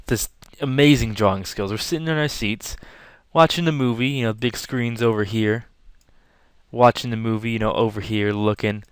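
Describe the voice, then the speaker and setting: A man's voice: on the low side, moderate pace, clear, resonant tone, dry recording. A young man telling a rambling, casual story to camera while drawing, acting out scenes as he goes. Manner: rambling, animated, acts out yelling. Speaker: vlogger.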